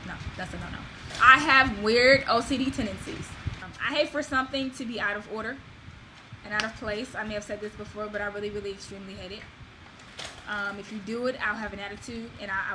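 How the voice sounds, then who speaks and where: A woman vlogging to her camera in a loose, animated way, leaning hard on words for emphasis and poking fun at herself. Her voice sits a little high, and a clear hiss of noise runs under the recording. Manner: animated, emphatic, self-deprecating. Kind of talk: casual chat to camera.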